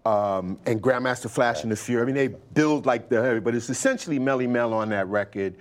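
An older man from New York, a guest telling stories in a relaxed conversation, animated and quoting others with lively bursts. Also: medium pitch, a little fast. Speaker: interview guest, hip hop pioneer. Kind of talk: conversational storytelling.

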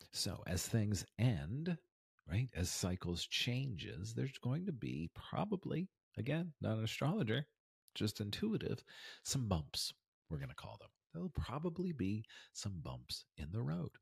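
A man hosting an inspirational podcast in a casual monologue, swinging from loud emphasis to near whispers. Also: fairly low pitch, vocal fry, slightly rough, no room sound, clean studio sound. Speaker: podcast host.

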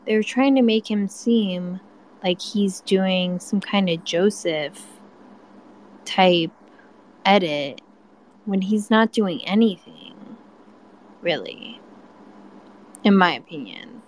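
A woman's voice: mid-range voice, slow pace, pauses often, slight background noise, poor audio. A woman calling into a live chat room, ranting angrily and swearing heavily. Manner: angry, heavy swearing. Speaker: caller. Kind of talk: heated rant.

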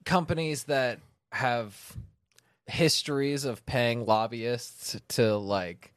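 A man's voice: lowish voice, smooth, dry recording, studio quality. A young man in casual chat, joking and chiming in as he argues his points. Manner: joking, quick to chime in, animated.

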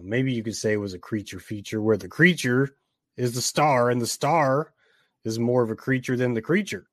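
A man from Tennessee with a Southern US accent, casually reviewing a horror film with joking asides and drawn-out words for emphasis. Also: mid-range voice, no echo, clean studio sound. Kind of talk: casual movie review commentary.

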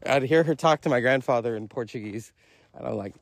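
A man talking casually on his own podcast, rambling and laughing between thoughts and jumping up in pitch to act out what others said. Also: fairly quick, creaky, no echo. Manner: animated, jumps high to act out quotes. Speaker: podcast host and teacher. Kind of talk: casual solo monologue.

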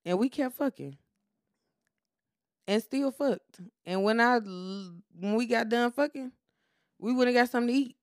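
A woman's voice: a little high, normal speed, pauses often, no echo, studio quality. A young adult woman, a podcast guest, telling a personal story in blunt, profane, casual chat.

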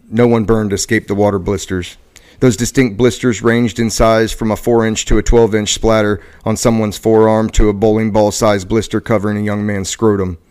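A man hosting a podcast who reads a book passage aloud at a steady pace, now and then stumbling and correcting himself. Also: fairly low pitch, smooth. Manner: steady reading with occasional stumbles and self-corrections. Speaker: podcast host.

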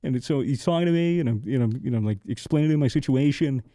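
A young man from the United States hosting a podcast, telling a story in a profane, animated way and acting out the exchanges. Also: medium pitch, racing, no room sound, clean studio sound. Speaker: podcast host. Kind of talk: casual storytelling chat.

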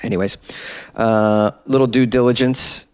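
A man's voice: medium pitch, fairly even intonation, a little slow, clear, resonant tone, dry recording, studio quality. A man hosting a comedic news podcast, joking and rambling with self-mocking asides. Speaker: podcast host.

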